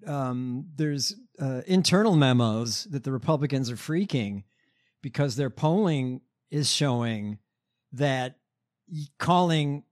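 Slow, halting man with a dry wit. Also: medium pitch, lively intonation. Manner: halting, many fillers, dry jokes. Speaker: podcast co-host. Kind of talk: casual political chat.

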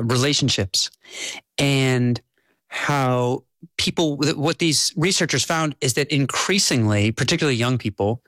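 Author guest, male, calm explanatory interview voice, dry recording. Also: medium pitch, no room sound. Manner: explanatory, measured storytelling. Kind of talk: conversational interview.

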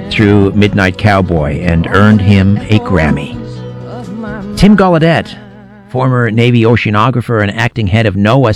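A middle-aged man guest-hosting a late-night radio talk show, chatty and telling anecdotes. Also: medium pitch. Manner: conversational, tells anecdotes with restarts. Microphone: studio microphone.

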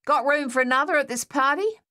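A woman voicing a sardonic male machine-gunner with dark humour, in an audiobook. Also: very high-pitched, fairly quick, no room sound, voice pushed up, full character voice. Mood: wry. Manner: dry and sardonic.

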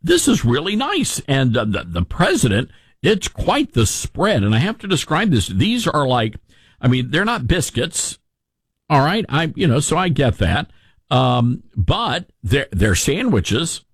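A man's voice: on the high side, huge pitch swings, unhurried, husky, no echo, clean studio sound. A man hosting a podcast, telling a rambling, self-deprecating story in a casual chat. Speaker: podcast host.

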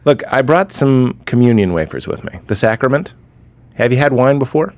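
An actor playing a pious man posing as a dad for the day, calm and pushy as he preaches in a sketch. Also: medium pitch, normal speed, natural voice. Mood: preachy.

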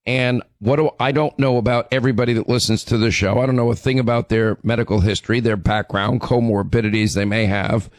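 A hoarse, middle-aged man delivers a talk radio monologue, pressing each point hard and stumbling over repeated words as he restarts his sentences. His voice sits at an ordinary pitch, and the sound is close and dry, with no room around it. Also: steady tone, brisk, hardly any pauses, no room sound. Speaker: radio talk show host.

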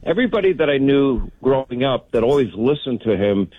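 A man in a casual talk-show chat, telling radio stories with animated, broadcaster-style energy. His voice has a middle pitch and sounds thin and tinny, like a phone line. The room gives no echo at all. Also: fairly quick. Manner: animated storytelling, broadcaster delivery. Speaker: radio host.

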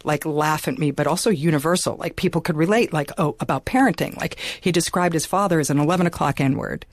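A woman's voice: deep voice, fast talker, no echo, studio quality. A woman being interviewed, talking casually and chattily with lots of "like". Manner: chatty, peppered with "like" and laughs. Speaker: interview guest. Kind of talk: casual conversation.

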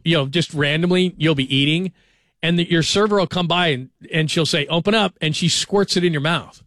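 A man's voice: a little high, a bit bright, no room sound. A man in his forties hosting a sports radio show, telling joking stories in a chatty, casual way. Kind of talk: casual talk radio monologue.

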